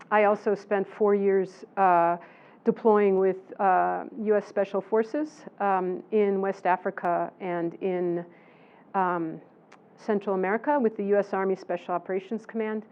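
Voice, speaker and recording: A professor in her sixties fields audience questions in a lecture setting, speaking with a plain mid-range voice. She talks emphatically, hammering points home by repeating them. The recording is thin and tinny, like a phone line. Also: mid-range voice. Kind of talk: lecture Q&A answer.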